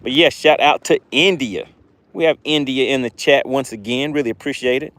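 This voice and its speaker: A man's voice: medium pitch, normal speed, dry recording. Chatty Southern man hosting a fishing stream. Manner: upbeat, chatty, shouts out viewers. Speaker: fishing livestream host. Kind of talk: casual livestream chat, reading viewer comments. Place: outdoors fishing.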